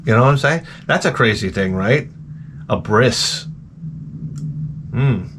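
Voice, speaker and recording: A man's voice: mid-range voice, lively intonation, takes it slowly, fairly bright tone, a little hiss or hum. A man hosting a casual talk show, rambling and ranting crudely, often slipping into mocking voices. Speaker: podcast host. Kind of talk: rambling profane casual chat.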